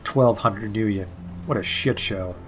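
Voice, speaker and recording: A man's voice: fairly low pitch, a little slow, a bit bright, soft background music. A man hosting a let's play, reading game text and making dry, wry remarks. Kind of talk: casual gaming commentary, reading game text aloud.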